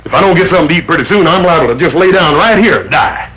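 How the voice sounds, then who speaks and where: Big goofy ranch son, folksy slang, voice goes all over. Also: male voice, on the high side, expressive, racing, bright, forceful tone, rough recording. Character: big easygoing hungry young ranch son.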